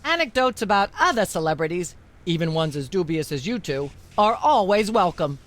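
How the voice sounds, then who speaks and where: A prim, bossy talk show hostess. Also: female voice, fairly low pitch, sing-song, normal speed. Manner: prim, scolding, droning on. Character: bossy middle-aged female talk show host. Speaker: game character. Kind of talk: video game voice acting.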